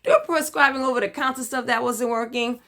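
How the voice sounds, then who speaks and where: A middle-aged Brooklyn woman with a Brooklyn accent, talking fast and hyper in a candid video diary. Her voice is bright and forceful and sits on the high side, and she swings dramatically in pitch and loudness for emphasis. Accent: Brooklyn, New York. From Brooklyn, New York. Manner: hyper and talkative. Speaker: vlogger sharing her cancer journey.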